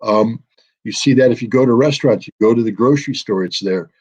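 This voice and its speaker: A man's voice: medium pitch, a little fast, darkish tone, husky. A middle-aged American man, a guest in a political commentary interview, talking emphatically and with sardonic jabs. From United States. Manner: emphatic and sardonic, mocking quoted officials. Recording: dull lo-fi audio.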